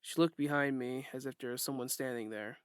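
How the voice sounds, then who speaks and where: Man, first-person audiobook narrator, steady plain delivery, very dry close sound. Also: mid-range voice, a little fast, smooth, no room sound.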